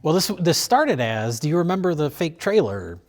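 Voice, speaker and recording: A man's voice: on the high side, big pitch swings, normal speed. A man hosting a film review show, chatting casually with fillers and restarts. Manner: rambling, many fillers and restarts, laughs easily.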